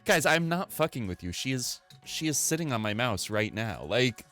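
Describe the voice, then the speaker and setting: Faint music plays behind a man of medium pitch who talks at a normal speed during a casual live stream from his home desk. Animated and rambling, he swears and makes fun of himself, speaking into a desk microphone routed through a mixer.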